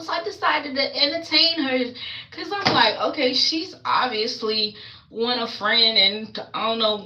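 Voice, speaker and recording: Woman, livestreamer, rambling casual storytelling, bright voice, echoey room. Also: a little high, moderate pace, creaky, dull audio.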